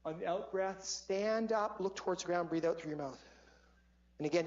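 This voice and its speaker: A man lecturing a class and guiding them through stress-relief exercises in an energetic, coaching manner. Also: high voice, normal speed. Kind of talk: interactive stress-relief lesson. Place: lecture hall. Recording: dull lo-fi audio with faint hum.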